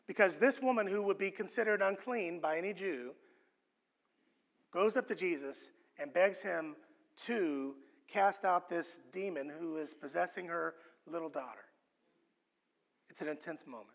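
Bright-voiced male preacher in reverberant hall. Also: sits high. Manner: earnest and expressive, often restarts words. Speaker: pastor. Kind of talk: sermon.

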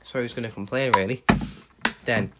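A man hosting a podcast, recapping fantasy wrestling bookings with animated play-by-play. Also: mid-range voice, normal speed, very noisy. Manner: hums entrance themes, animated play-by-play. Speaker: podcast host.

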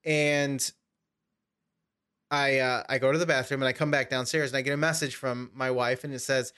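A man's voice: mid-range voice, a bit bright. Rambling man telling a story. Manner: rambling, self-correcting anecdote teller. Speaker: podcast host. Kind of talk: casual storytelling chat.

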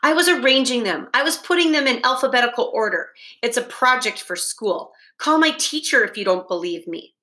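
A woman's voice: on the high side, lively intonation, fairly quick, few pauses, pushed and bright, voice pushed up. A woman voicing a fibbing, defensive schoolboy in a read-aloud storybook, in a lightly raised voice.

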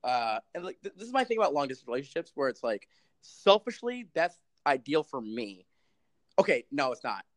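Twenties male podcast co-host, rapid animated delivery, casual and rambling. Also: medium pitch. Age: 20s. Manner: rambling, lots of "like", jokey, laughs often.

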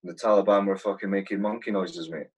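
A man's voice: sits low, fairly even intonation, quick pace, slightly rough, poor audio. A man from Britain, an army veteran, telling war stories in a casual, heavily sworn way. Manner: swears a lot, vivid war storytelling. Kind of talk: casual chat.

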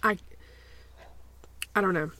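A woman's voice: takes it slowly, pushed and bright, slight background noise. A woman co-hosting a podcast in casual chat, often hesitant and repeating her words as she thinks aloud. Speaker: podcast co-host.

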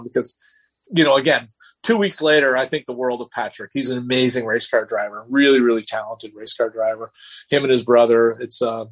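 A man's voice: mid-range voice, steady tone, moderate pace, a bit bright. A man being interviewed, a race car driver telling stories in a loose, rambling way with many restarts. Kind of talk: casual storytelling interview.

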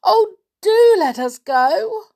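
A woman reading aloud, voicing a tearful little girl who pleads in a high, drawn-out voice in a storybook tale. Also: lively intonation, gravelly, darkish tone, full character voice. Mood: pleading.

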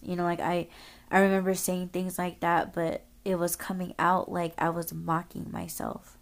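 A woman's voice: lowish voice, little pitch movement, normal speed, gravelly. A woman podcast host telling a story casually, rambling, swearing often and using lots of filler words.

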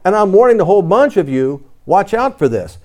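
A man's voice: sits high, big pitch swings, brisk, darkish tone. A man preaching a conversational sermon, telling his own story and reading scripture aloud in old-fashioned wording. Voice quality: reads scripture in King James wording.

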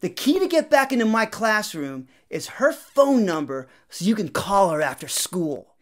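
Brief: man voicing a sly, unhurried male teacher in a spoken story, slightly lower voice. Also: big pitch swings. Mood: teasing. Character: calm, teasing male teacher.

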